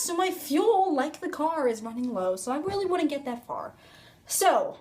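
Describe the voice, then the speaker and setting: A woman's voice: high voice, sing-song, normal speed, a little mellow. A young woman vlogger telling a rambling casual story into her phone, full of "like" and fillers. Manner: chatty, rambling, filler-heavy "like".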